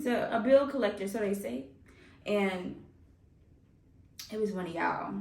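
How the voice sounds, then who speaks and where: A woman's voice: high-pitched, a bit bright. Chatty woman reacting in a roomy space. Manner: chatty, laughs often, talks straight to viewers. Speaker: music reaction YouTuber. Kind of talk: casual reaction commentary. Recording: roomy sound from a distance off the mic.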